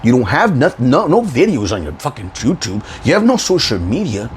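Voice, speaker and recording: A man's voice: mid-range voice, sing-song, normal speed, a little hiss or hum, poor audio. A man hosting his own video channel, delivering a profane, confrontational rant with frequent laughs. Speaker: YouTube channel host. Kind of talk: ranting vlog monologue.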